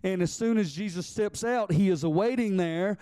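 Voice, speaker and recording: Reading scripture in archaic wording, this pastor urges the congregation to respond and slows to emphasize key phrases. He has a high, mellow voice that's clear and resonant, recorded with no room sound.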